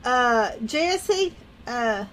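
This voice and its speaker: A woman hosts a relaxed livestream from home. Her voice sits high, and she talks in an unhurried, rambling, folksy way. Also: slight background noise. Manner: rambling, folksy, laughs often. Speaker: livestream host. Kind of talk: casual livestream chat.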